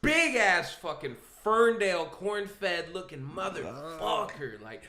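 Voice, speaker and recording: A podcast co-host tells rowdy stories in a casual chat, animated, laughing, and swearing freely. His voice sits high, and he speaks at a slow pace.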